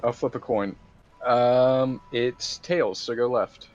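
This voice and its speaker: A man's voice: medium pitch, steady tone, slow, darkish tone, highs cut off. A man in casual let's-play chat, telling stories and swearing offhandedly while his friend plays. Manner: laid-back, swears, tells stories. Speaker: co-host watching a game.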